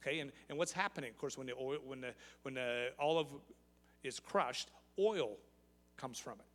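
A man's voice: mid-range voice, normal speed, a bit bright. A male pastor preaching a sermon, repeating key phrases for emphasis and asking the congregation rhetorical questions. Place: church sanctuary. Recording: long reverb of a large hall.

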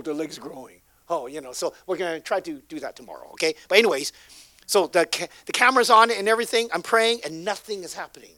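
A man preaching and telling a healing story to a congregation, swinging from loud bursts to hushed asides. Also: high-pitched, dry recording. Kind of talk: sermon storytelling.

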